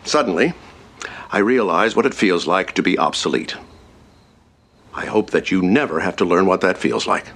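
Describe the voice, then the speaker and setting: A man's voice: deep voice, normal speed, long pauses, fairly bright tone, pitched below the performer's own voice. A man voicing a dignified older man who speaks with weary, grave resignation. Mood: resigned.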